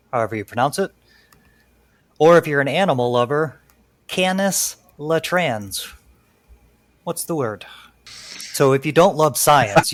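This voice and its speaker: A man's voice: medium pitch, fairly bright tone, no room sound. A man hosting a trivia game podcast, playful and teasing with the players. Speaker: quiz host.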